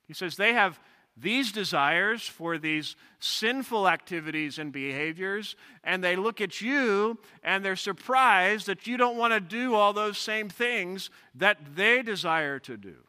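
A man's voice: high-pitched, animated, measured pace, bright, forceful tone, clear, resonant tone. A male pastor preaching an expository sermon, reading scripture aloud and explaining it with personal stories, in a large church sanctuary. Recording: long reverb of a large hall.

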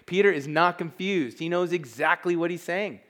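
A man's voice: fairly high pitch, normal speed, fairly bright tone. A man preaching a sermon as pastor, emphatic and conversational, with asides to the congregation.

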